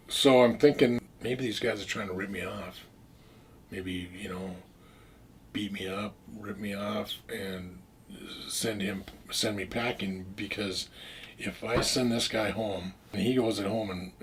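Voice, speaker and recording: A man with a lowish voice, over a little hiss or hum, casually recounts his past as a drug dealer. He rambles, restarts often, and swears frequently.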